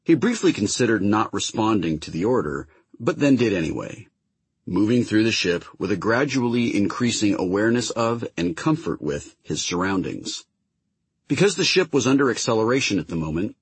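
Husky guy reading an audiobook, low voice, dry close mic. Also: no echo. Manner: expressive, voices each character. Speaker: audiobook narrator. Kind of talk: audiobook narration.

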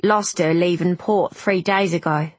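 A woman's voice: lowish voice, fairly even intonation, unhurried, no echo. A woman voicing a deferential working-class male crewman who speaks in rustic dialect.

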